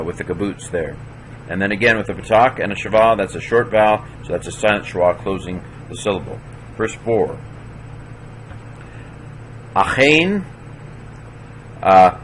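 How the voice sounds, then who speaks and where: A man teaching a class, slowly sounding out syllables one at a time and stopping to correct himself. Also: fairly low pitch, a bit bright, a little hiss or hum, poor audio. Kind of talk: classroom walkthrough of Hebrew pronunciation.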